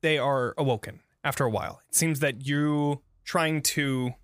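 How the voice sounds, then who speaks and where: A man narrating as the game master of a tabletop game, relaxed, with halting fillers. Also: medium pitch, no room sound, clean studio sound.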